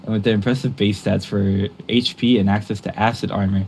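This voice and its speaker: A man giving a mock-serious joke monologue in a deadpan manner. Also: fairly low pitch, brisk, vocal fry, a little hiss or hum. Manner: deadpan, breaking into laughter.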